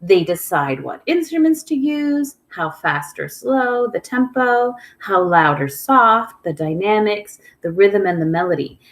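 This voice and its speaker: Woman music teacher, patient and clear, leads kids in echo rhythms, average pitch. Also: big pitch swings, unhurried, few pauses. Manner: patient, clear, sing-song call-and-response prompting. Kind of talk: online music lesson for children.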